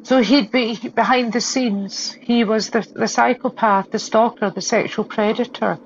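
A woman's voice: fairly high pitch, fairly even intonation, slight background noise. Earnest woman telling a personal ordeal. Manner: earnest, measured, emotional storytelling. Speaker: interviewee recounting being stalked. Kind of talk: personal testimony in an interview. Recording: dull lo-fi sound.

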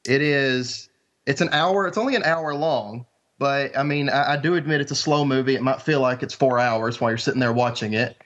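A man on a casual podcast, telling a film plot in a dry, deadpan way. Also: mid-range voice, brisk. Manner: deadpan, dry storytelling with a mock trailer opening. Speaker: podcast guest. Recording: dull lo-fi sound.

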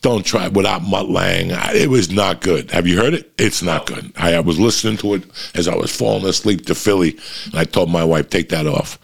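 Gravelly low-voiced middle-aged man. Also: brisk. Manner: profane, rambling, animated anecdotes. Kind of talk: casual rambling storytelling.

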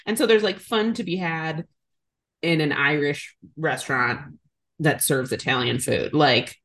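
A young woman co-hosting a casual podcast, recapping a movie in a sarcastic, animated way, with some swearing. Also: sits low, unhurried. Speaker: podcast co-host.

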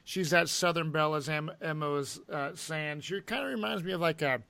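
Male podcast host, rambling casual recap, slightly high voice, dry sound. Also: fairly quick, creaky, sharp tone, smooth, no room sound. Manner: rambling, many fillers.

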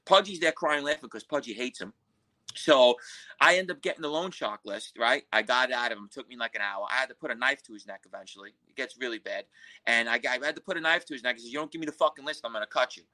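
A man's voice: medium pitch, quick pace, pushed and bright, rough recording. A man telling a crime story as a podcast guest, in blunt, profane street talk. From Queens, New York. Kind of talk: storytelling interview.

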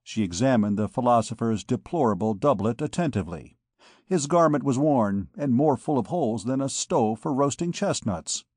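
A man narrating a classic novel in a measured audiobook reading. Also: mid-range voice, expressive, darkish tone, breathy edge, no echo, clean studio sound. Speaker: audiobook reader. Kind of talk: scripted narration.

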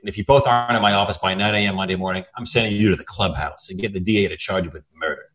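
A man's voice: low voice, racing, fairly bright tone. A man voicing a tough, crooked 1930s police lieutenant who talks in hard-boiled slang. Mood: threatening.

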